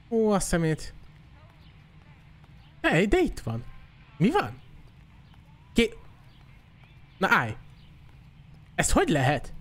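Male live streamer, casual running commentary, animated pitch, quick laughing asides. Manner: chatty, laughing asides over gameplay. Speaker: gaming streamer.

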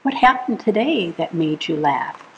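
A woman reading a bedtime picture book aloud to children, gentle and soothing, asking the listener little questions as she goes. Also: lowish voice, sing-song, unhurried, slight background noise, low-quality recording. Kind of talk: read-aloud storytime.

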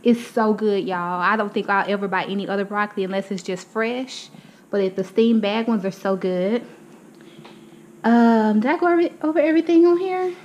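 A woman's voice: medium pitch, moderate pace, a little mellow, low-quality recording. A young woman showing her grocery haul at home, chatty and calling her viewers y'all, a little out of breath. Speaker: vlogger. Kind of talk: casual grocery haul walkthrough. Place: home, indoors.

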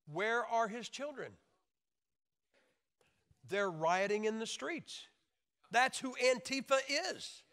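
A man preaching a sermon in an emphatic, joking way, now and then mimicking wailing babies with high shouts. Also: slow pace, long pauses. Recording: long hall reverb.

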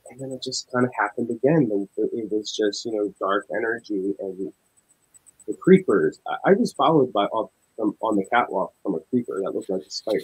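A young man, a paranormal investigator, telling a story in casual chat and acting out the dialogue with animated energy. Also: lowish voice, fairly quick, husky, rough recording. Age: young adult. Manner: animated, acts out dialogue in tense retelling.

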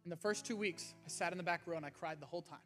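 A man's voice: on the high side, rapid-fire, fairly bright tone. A man preaching an earnest, conversational sermon to his church as its pastor. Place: church sanctuary. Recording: faint music underneath.

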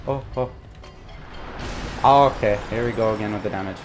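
A young man giving profane, frustrated commentary while playing a video game, muttering and then yelling. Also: lowish voice, normal speed, over music. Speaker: gaming YouTuber. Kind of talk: profane live gameplay commentary.

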